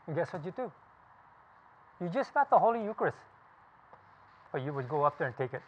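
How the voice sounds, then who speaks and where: A man's voice: on the high side, big pitch swings, a little fast, long pauses. A man in his seventies from California, a veteran telling his story to a group of listeners in a blunt, profane, emphatic way. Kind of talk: casual spoken recollection to a group. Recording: tinny phone-like sound.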